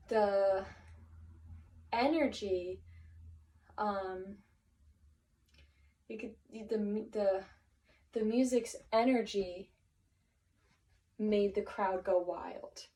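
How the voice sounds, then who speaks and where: A woman's voice: medium pitch, extremely slow, long pauses, warm tone, recorded from a distance, low-quality recording. A woman teacher walking a class through vocabulary in an encouraging way, thinking aloud and often restarting her sentences. Her voice sits in a middle register and is picked up from a little way off the mic.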